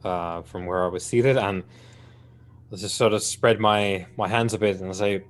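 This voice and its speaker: A man in a tabletop game, voicing his character in a formal, unhurried way with small hesitations. His voice is very deep and his pace slow. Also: fairly even intonation. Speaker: player.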